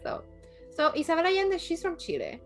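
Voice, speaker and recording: A woman from Puerto Rico, a guest in a casual chat, talking with animated energy and laughing often. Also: very high-pitched, a little fast, gravelly, soft background music.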